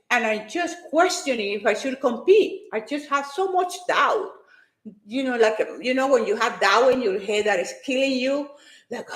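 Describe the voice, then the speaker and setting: A woman and fitness competitor giving an emotional, animated personal faith testimony. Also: a little high, roomy sound.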